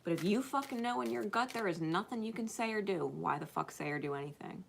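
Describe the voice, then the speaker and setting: A woman giving spiritual advice to her viewers in a blunt, profane, impassioned monologue that swings from loud to hushed. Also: medium pitch, lively intonation, fast, gravelly, a little hiss or hum. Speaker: spiritual channel host.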